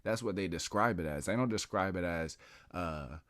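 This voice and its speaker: Low-voiced man musing, rambling monologue. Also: fairly bright tone, no room sound, studio quality. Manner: rambling, slangy and profane, laughs often; drawn-out, musing delivery. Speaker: podcast host. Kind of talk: casual philosophical monologue.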